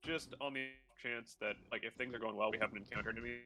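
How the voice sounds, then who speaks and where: A man's voice: medium pitch, steady tone, quick pace, over loud music. A man playing a tabletop game, speaking hesitantly with many fillers. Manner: hesitant, lots of "like". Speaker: player. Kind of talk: casual chat.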